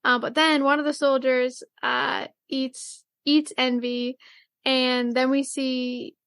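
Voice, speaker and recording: A high-pitched woman talks through an anime episode on a casual podcast, rambling with plenty of "like"s and popping into short silly quotes. Her voice is close and dry, with no room sound at all. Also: level tone, a bit bright, dry recording. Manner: chatty, rambling, many "like"s and fillers, quick acted-out quotes. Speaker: podcast co-host. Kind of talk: casual anime recap chat.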